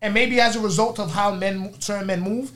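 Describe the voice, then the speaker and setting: A man's voice: sits high, steady tone, fairly quick, fairly bright tone. A man hosting a casual podcast chat, talking loosely with many restarts. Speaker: podcast host.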